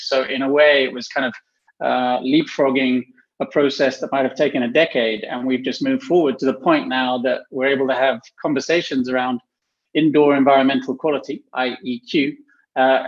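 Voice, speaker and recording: Panel guest: man on a video call from home, thoughtful, muffled audio. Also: medium pitch. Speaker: panel guest, healthy workplace specialist. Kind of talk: casual panel talk. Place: home office.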